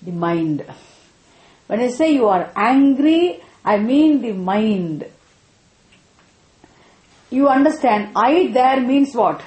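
Female teacher, drills points with questions, bright-ish pitch, reverberant room. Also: animated, slow pace, long pauses. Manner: repetitive, checks students with frequent questions. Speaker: spiritual teacher. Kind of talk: interactive scripture class. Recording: echoey room.

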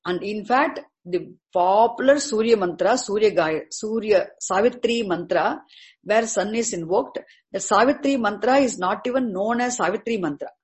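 A woman's voice: mid-range voice, normal speed. A woman teaching scripture in a patient lecture, repeating phrases and checking understanding. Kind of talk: explanatory lecture.

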